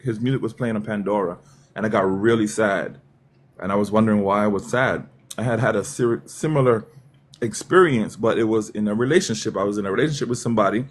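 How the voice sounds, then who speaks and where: A man calls into a stream debate and patiently recounts a personal experience. His voice sits somewhat low. He stays calm under questioning. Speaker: caller. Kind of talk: telling a personal story in debate.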